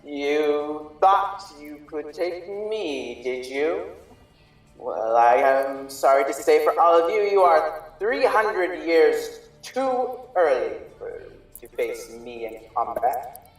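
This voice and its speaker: A scornful, ancient undead villain taunts the party with slow, measured menace, as a game master puts him on. The voice sounds distant in an echoey room. Faint music plays behind it. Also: male voice, fairly high pitch, expressive. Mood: gloating. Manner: mocking, taunting.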